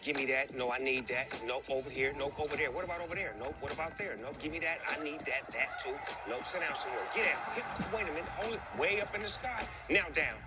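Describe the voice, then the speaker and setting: A man putting on a laid-back celebrity commentator calling a fast badminton rally in a drawling, playful voice over loud music. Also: fairly high pitch, lightly acted. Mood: laid-back hype.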